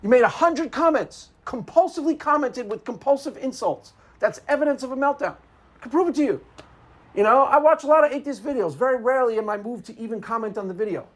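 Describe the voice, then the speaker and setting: A man's voice: very high voice, fast talker. Male video commentator, unscripted monologue, sarcastic and combative, hammers each point twice.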